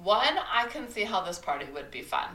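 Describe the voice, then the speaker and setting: A woman co-hosting a podcast, chatting casually about a movie, animated and swearing freely while she laughs. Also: medium pitch, normal speed, distant mic. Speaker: podcast co-host. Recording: roomy echo.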